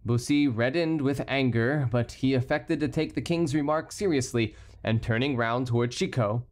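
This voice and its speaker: Male narrator, audiobook reading, steady mid-pitched voice, voices the courtiers himself. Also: normal speed. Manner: reads every character himself, lifting his pitch for the courtiers. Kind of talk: scripted narration.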